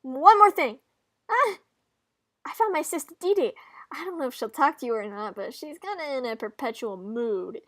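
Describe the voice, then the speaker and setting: A woman voicing an excitable, snack-loving female student who talks loudly and breezily. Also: high-pitched, moderate pace. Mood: excited.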